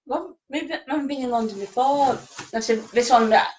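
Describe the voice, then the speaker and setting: A woman's voice: fairly high pitch, moderate pace, a little hiss or hum, low-quality recording. A woman chiming in hesitantly during a casual chat.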